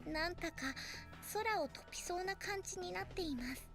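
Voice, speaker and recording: A woman's voice: extremely high pitch, racing, over music. A woman voicing a polite young maid girl in a visual novel game, asking quiz questions in an earnest, courteous way. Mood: quizzing. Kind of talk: anime game voice acting.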